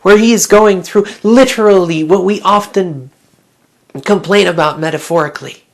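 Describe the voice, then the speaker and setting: A woman Bible teacher with a medium-pitched voice gives a devotional talk at a moderate pace. Earnest and reflective, she asks her listeners one question after another.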